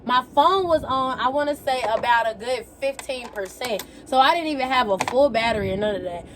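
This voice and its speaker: A young woman telling a story in a casual, animated way, full of slang and quoted exclamations. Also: a little high, brisk, a little hiss or hum. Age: young adult. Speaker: vlogger. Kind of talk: casual storytelling while getting ready.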